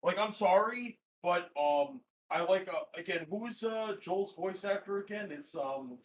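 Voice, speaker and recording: A man hosting a gaming channel, chatting excitedly and swearing casually during a live reaction stream. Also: high voice, measured pace. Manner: excitable, profane, reads news aloud.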